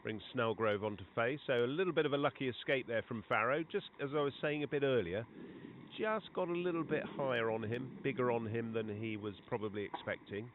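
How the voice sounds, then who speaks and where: A man's voice: mid-range voice, fairly quick. A man giving chatty live commentary on a cricket match. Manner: conversational, chatty between balls, rising excitement on big shots. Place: outdoor cricket ground. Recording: tinny phone-like line with clear background noise.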